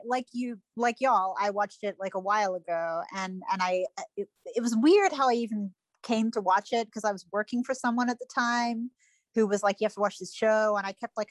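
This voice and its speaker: A woman's voice: mid-range voice, no room sound. Wry, musing woman guest in dry sound. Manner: wry, musing, loose talk full of fillers. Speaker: podcast guest. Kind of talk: casual chat.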